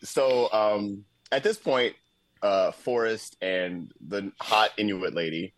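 Male podcast co-host, casual movie recap, animated and profane, laughs a lot, dry close mic. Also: lowish voice, slow, dry recording. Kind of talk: casual movie-review chat.

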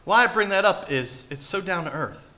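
A man's voice: high-pitched, expressive, normal speed, sharp tone. A man in his thirties preaching a sermon with emphatic rhetorical questions. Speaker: pastor.

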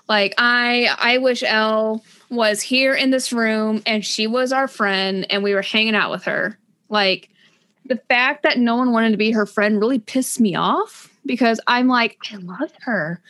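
A young adult woman co-hosting a casual book podcast, talking in an animated, gushing way with quick asides. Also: a little high. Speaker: podcast co-host.

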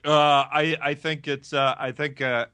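A man's voice: fairly high pitch, flat delivery, unhurried, sharp tone, clean tone, no room sound. A man co-hosting a comedy podcast, tossing in dry wisecracks. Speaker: podcast co-host. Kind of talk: comedic banter.

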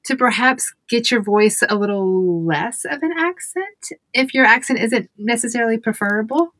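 A woman's voice: fairly high pitch, expressive, normal speed, a bit bright, dry recording. A woman, hosting a podcast interview in an enthusiastic, chatty way. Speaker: podcast host.

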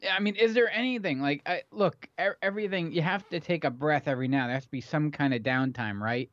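Slightly high-voiced man, dull lo-fi sound. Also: fast, fairly bright tone, dry recording. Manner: enthusiastic, rambling restarts. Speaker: podcast co-host. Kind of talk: casual chat about movies.

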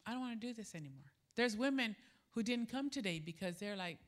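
A middle-aged woman preaching a sermon, telling a personal story and acting out the dialogue in an animated way. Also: brisk. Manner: animated, acts out quoted dialogue with jumps in pitch. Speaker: preacher at a women's gathering.

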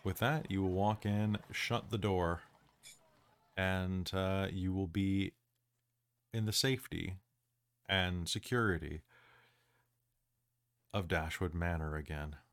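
Low-voiced male game master. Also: steady tone, slow, pauses often. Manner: hesitant, many fillers. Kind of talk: narrating a tabletop game.

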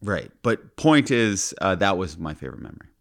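Man, lowish voice, casual chat, teasing storyteller. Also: fairly quick, vocal fry. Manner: teasing, animated retelling with put-on quotes. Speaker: podcast co-host.

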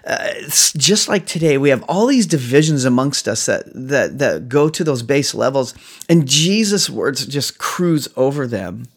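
A man preaching a sermon, animated and chuckling, acting out the lines of people in the story as he retells it. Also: on the high side, creaky. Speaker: pastor.

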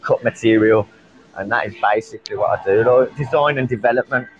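A man's voice: medium pitch, brisk, highs cut off, a little hiss or hum. A man with a British accent, a guest on a livestream, chatting crudely and swearing constantly. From Britain. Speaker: guest precision engineer. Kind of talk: casual crude banter on a livestream.

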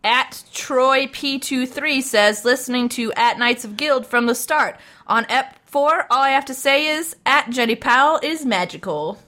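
Giggly bright-voiced woman co-host. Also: high voice, a little slow. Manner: giggly, playful, reads with jokey emphasis. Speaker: podcast co-host. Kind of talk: casual chat, reading listener messages aloud.

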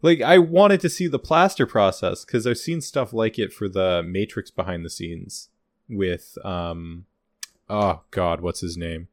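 A man co-hosting a casual podcast chat, rambling and animated, acting out quotes from behind-the-scenes stories. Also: low-pitched, unhurried, dry recording, clean studio sound. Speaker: podcast co-host. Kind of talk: casual chat about a TV show's extras.

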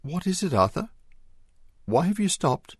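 A man's voice: sits high, sing-song, unhurried, slightly rough, dry recording, studio quality, pitched above the performer's own voice, full character voice. A man voicing a young woman who speaks in a coaxing, reassuring way. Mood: concerned.

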